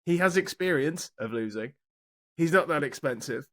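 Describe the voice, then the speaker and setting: A man's voice: on the high side, lively intonation, normal speed, a bit bright. A man hosting a podcast in casual chat, with a dry, wry way of leading the talk. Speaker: podcast host.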